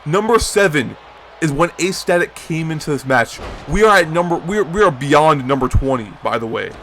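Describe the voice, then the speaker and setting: There's slight background noise as a young man talks a little fast through his play-by-play of a video game wrestling league. Big moves send him into high-pitched shouts, and in the quieter moments he chats with the audience.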